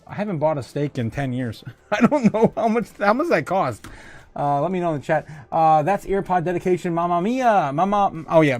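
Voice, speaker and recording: A man with a slightly high, slightly mellow voice hosts a casual livestream, reading out viewer comments. He rambles, jokes, and laughs often.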